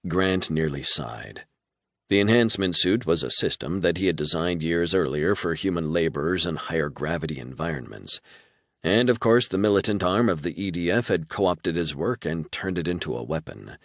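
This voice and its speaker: A man narrating an audiobook in a measured, storytelling manner. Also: sits low, animated, a bit bright, no echo, studio quality. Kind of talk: scripted narration.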